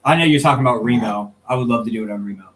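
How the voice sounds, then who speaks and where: A man's voice: mid-range voice, rapid-fire, husky, low-quality recording. A man co-hosting a live stream over a video call, joking and reacting to viewer comments. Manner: lively, joking, reads comments aloud. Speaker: co-host. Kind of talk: casual live-stream chat.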